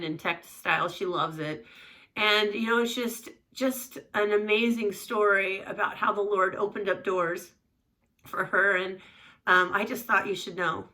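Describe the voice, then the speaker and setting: A woman's voice: medium pitch, sharp tone, far from the mic. A middle-aged woman, a mother, telling a personal story in a chatty, rambling way, acting out the voices in her quotes.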